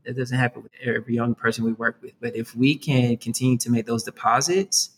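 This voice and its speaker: A man with an average pitch talks in an easy, conversational way. He sounds upbeat and earnest, and he drops "man" and "right?" into nearly every sentence. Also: steady tone, brisk, a bit bright, slightly rough. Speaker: youth worker, guest. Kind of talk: conversational interview.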